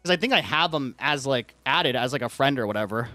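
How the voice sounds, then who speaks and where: A man's voice: mid-range voice, animated, fairly quick, sharp tone, dry recording, soft background music. Rambling young man with a dry close mic. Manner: rambling, heavy use of "like", acts out quoted lines. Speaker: streamer. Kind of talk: casual rant to stream chat.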